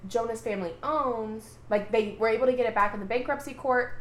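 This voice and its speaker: A woman chats through a TV recap for her podcast, swearing and jumping into the characters' quotes. Her voice sits a little high. The room is echoey around her. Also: a little fast. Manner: animated, swearing, acts out quotes. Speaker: podcast co-host. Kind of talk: casual recap chat.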